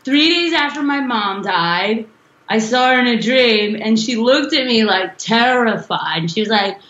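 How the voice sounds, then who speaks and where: A woman's voice: a little high, animated, moderate pace, fairly bright tone. A woman rock singer chatting loosely in an interview and laughing often. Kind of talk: casual interview chat. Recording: roomy, dull lo-fi sound.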